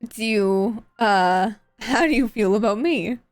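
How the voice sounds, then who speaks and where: A woman reading the lines of an awkward, oblivious young male scientist in earnest, halting first-person narration. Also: mid-range voice, dry recording, lightly acted.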